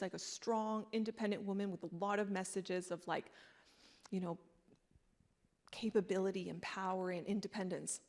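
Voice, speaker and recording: A woman in her thirties giving a candid, conversational sermon in a church, telling personal stories with animated delivery. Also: mid-range voice. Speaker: guest speaker. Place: church sanctuary.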